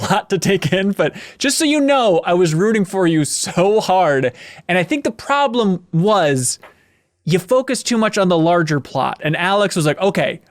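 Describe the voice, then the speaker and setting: Male podcast host, enthusiastic, fairly high voice, dry close-miked sound. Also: dry recording. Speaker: interviewer host. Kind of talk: casual conversation.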